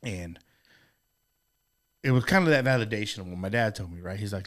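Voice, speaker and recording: A middle-aged man co-hosting a podcast tells a long personal story in a casual chat, rambling, earnest and full of profanity. His voice is fairly low and he talks a little fast.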